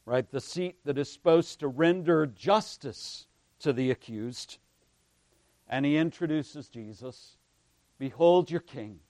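A man preaching a sermon, building to loud emphatic passages and dropping to hushed tones, often checking in with a "right?". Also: fairly high pitch, slow, no echo. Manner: preaching with swells of emphasis and sudden hushed drops; frequent "right?" asides to the congregation. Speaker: pastor.

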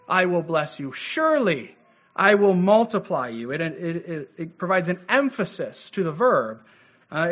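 A male pastor delivers a teaching sermon in a fairly high voice. He speaks in a measured way, sprinkling in "uh" and rhetorical "right?" checks. The recording sounds dull and lo-fi. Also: fairly bright tone. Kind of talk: expository sermon. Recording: dull lo-fi audio.

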